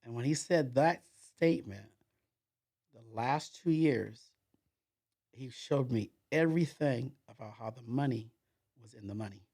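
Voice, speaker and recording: A man's voice: medium pitch, a little slow, pauses often, darkish tone. A man being interviewed as a podcast guest, telling a story in a rambling way, with many repeated fillers and restarts.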